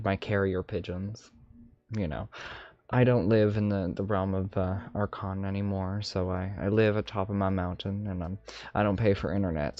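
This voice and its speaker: A man's voice: sits low, darkish tone, no room sound, natural voice. A man voicing an ancient, mischievous male dragon mage with a lisp and a put-on dragonish accent, rambling playfully on a live stream. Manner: rambling, playful, self-amused asides. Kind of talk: in-character live stream chat. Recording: slightly dull stream audio, faint music.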